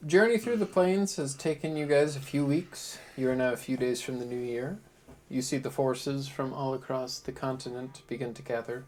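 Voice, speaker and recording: A man's voice: mid-range voice, a little mellow, poor audio. A man narrating as game master in a tabletop game, in a laid-back, descriptive way, with faint music behind him.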